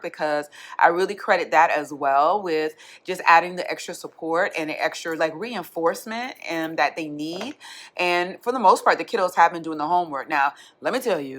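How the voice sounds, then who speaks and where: A woman kindergarten teacher, chatting excitedly to her vlog audience, restarting often. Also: fairly low pitch. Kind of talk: casual vlog chat.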